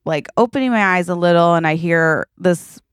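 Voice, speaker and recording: A woman in her thirties co-hosting a podcast, telling a story in a lively chatty way, acting out her own lines and tossing in "okay?" and "like" a lot. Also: fairly low pitch, moderate pace, clear, resonant tone, no echo, studio quality. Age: 30s. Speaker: podcast co-host. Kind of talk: casual podcast chat.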